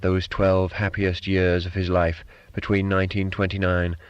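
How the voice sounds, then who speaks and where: Low-voiced male audiobook narrator. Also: dull audio. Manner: measured, even storytelling. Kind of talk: literary fiction reading.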